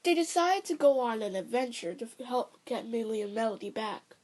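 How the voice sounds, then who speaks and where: High-voiced woman retelling a cartoon story. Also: animated, fairly quick, a little mellow. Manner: rambling, self-correcting, chatty asides. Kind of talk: casual retelling of a cartoon episode.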